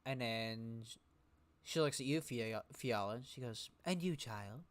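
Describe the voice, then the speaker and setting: Guy running a dnd session, takes his time, laid-back narration. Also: medium pitch. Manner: slow, relaxed narration with pauses. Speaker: game master. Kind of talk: narrating a tabletop game.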